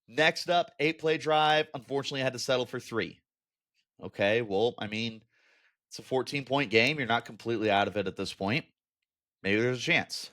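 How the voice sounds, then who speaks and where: A man's voice: medium pitch, moderate pace. Candid man breaking down a football loss. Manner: candid, animated, with exasperated asides. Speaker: sports podcast host. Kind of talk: casual sports commentary.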